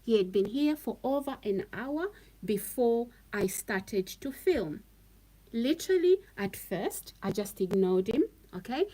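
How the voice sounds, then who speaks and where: Speaking unhurriedly in a fairly high, animated and warm voice, a woman addresses her live stream audience over a rough recording. Her delivery is emphatic, she repeats herself a lot, and she keeps asking "okay?".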